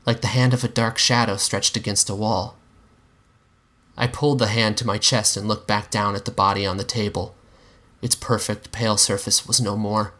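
A man with a low, bright and forceful voice reads a story aloud in a measured, dramatic way. He paces his narration carefully and acts out the dialogue. His tone is crisp and pointed. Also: level tone. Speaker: story reader. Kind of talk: dramatic reading of fan fiction.

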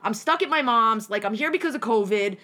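A young woman from New Jersey tells a long story in casual conversation, her voice bright and a little high. She rambles and restarts, swears freely, and acts out the people in her story with lively shifts. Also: a little fast. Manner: animated, profane, rambling with many restarts and acted-out quotes.

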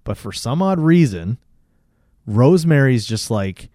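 Um homem numa conversa casual, recontando um filme com energia, xingando bastante e imitando as falas dos personagens. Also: male voice, mid-range voice, a little slow, no room sound, studio quality. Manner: animated retelling, swears a lot, acts out lines. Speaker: podcast co-host. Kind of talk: casual movie recap chat.

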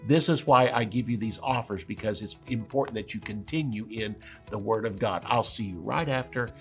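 A man's voice: fairly low pitch, moderate pace, fairly bright tone, soft background music. Man, pastor, broadcast bible teaching, emphatic, repeats key words.

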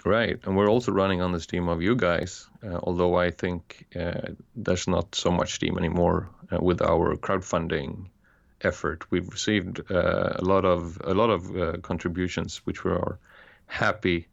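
A man from Sweden co-hosting a casual podcast, relaxed and easygoing. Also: sits low, normal speed, gravelly, no echo, lo-fi sound. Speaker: podcast co-host.

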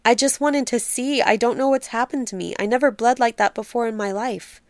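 A woman's voice: a little high, fairly quick, no echo, voice pushed up, close to an everyday voice. A scared young woman patient begging for answers in a storybook reading, done by the woman narrating. dry close sound, no room. she sounds lost and desperate, questions spilling out one after another. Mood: pleading. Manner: pleading, distressed questions. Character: young female cook, frightened patient, pleading.

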